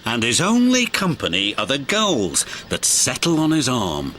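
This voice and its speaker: A man narrating a children's storybook in a slow read-aloud manner. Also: medium pitch, huge pitch swings, pushed and bright, slight background noise. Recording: music playing behind.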